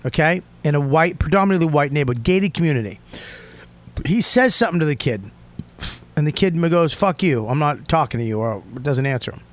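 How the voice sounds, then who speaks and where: A male podcast host with a high, very lively voice that jumps all over the place. He swears constantly and tells a heated comedic story, often breaking into shouts. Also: brisk. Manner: profane, emphatic, swings into shouting.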